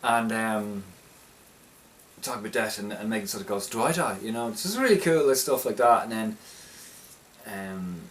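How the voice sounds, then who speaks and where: A man's voice: fairly low pitch, lively intonation, moderate pace, pauses often, fairly bright tone. A young man casually recapping a film he liked, rambling and often restarting his sentences with enthusiasm. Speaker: film reviewer. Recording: slightly distant mic, faint background noise.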